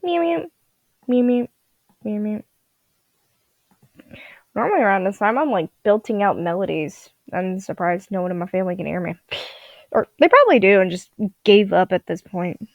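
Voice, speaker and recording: Late at night at home, a sleepy young digital artist rambles and giggles to herself while drawing and commenting casually. She speaks briskly and animatedly in a mid-range voice. The recording has no echo and comes from a dull lo-fi home mic.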